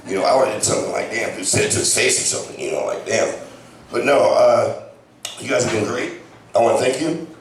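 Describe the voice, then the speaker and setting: A man's voice: mid-range voice, fast. A man telling loose, casual stories in a stand-up set at a comedy club. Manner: casual, loose storytelling with many fillers. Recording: very echoey, distant club recording.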